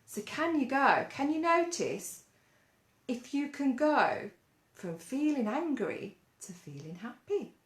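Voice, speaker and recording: A woman leading a gentle mindfulness lesson for children, coaxing them along with lots of playful questions. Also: high voice, very animated, takes it slowly. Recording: roomy echo.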